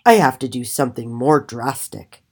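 A woman's voice: rumbling low, lively intonation, moderate pace, darkish tone, husky, heavily acted. A woman voicing a vain, boastful young male raven in a storybook reading, with a showy, whining manner. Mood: excited.

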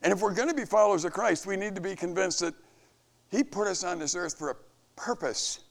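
A man's voice: a little fast, creaky. A man giving an earnest devotional message to camp staff, preaching with rising and falling emphasis. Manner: earnest, preaching, rises and falls in pitch. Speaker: camp leader.

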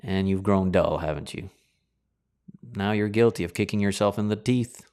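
A man's voice: lowish voice, moderate pace. A man preaching a sermon in a dramatic, colloquial way, full of rhetorical questions.

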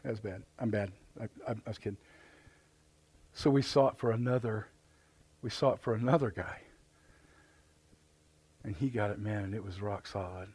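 A middle-aged man with a Midwestern American accent preaching a live sermon in church, animated and joking, often repeating his words. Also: lowish voice, moderate pace, long pauses, husky, no room sound. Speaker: pastor. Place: church sanctuary.

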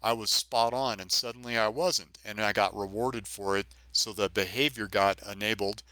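A man's voice: on the low side, fairly even intonation, moderate pace, sharp tone, dry recording. A middle-aged man, a retired police officer, recounting his own experience as a podcast guest in earnest, vivid storytelling with emphatic repetition. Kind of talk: personal story in a podcast interview.

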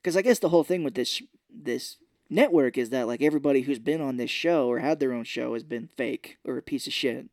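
A man co-hosting a casual podcast who recaps a film and acts out its lines in quick put-on voices. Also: medium pitch, a little mellow, no echo, clean studio sound. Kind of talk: casual chat.

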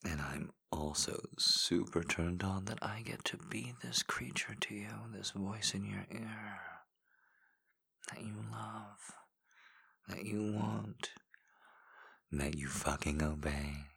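Man, whispered role-play, very deep gravelly voice, unhurried, coaxing and repetitive. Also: bright, forceful tone. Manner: slow coaxing encouragement with repeated phrases. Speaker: intimate audio performer.

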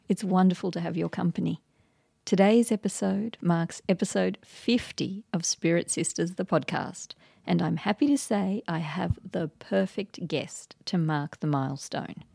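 A woman, the podcast host and author, reading a scripted, earnest introduction in a measured way. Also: on the low side, gravelly, warm tone, slightly rough, dry recording, studio quality.

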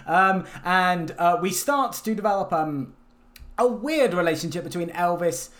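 A man co-hosting a casual film review chat, retelling scenes in an animated way and laughing as he goes. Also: sits high, a little slow. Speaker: podcast co-host.

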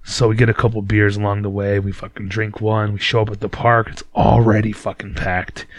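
A man's voice: lowish voice, level tone, a little fast, no room sound. A young man telling a rambling, profane story about his day in a casual vlog monologue, often laughing at himself.

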